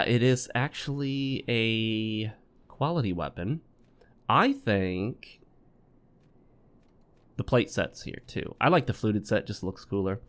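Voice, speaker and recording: Wry, chatty male let's-play host. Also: lowish voice. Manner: chatty and wry, joking asides while playing. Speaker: gaming channel host. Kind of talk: let's play commentary mixed with advice talk.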